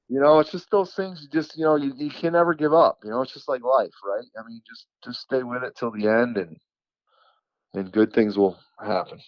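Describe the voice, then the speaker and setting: A man from New York, a podcast guest, telling a hunting story in a casual, animated way, repeating words for emphasis. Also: mid-range voice, moderate pace, dry recording, dull audio. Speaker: podcast guest, turkey caller.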